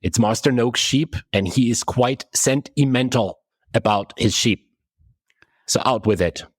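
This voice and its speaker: A man voicing a massive, gruff female orc warrior who makes blunt demands. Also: medium pitch, unhurried. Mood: demanding.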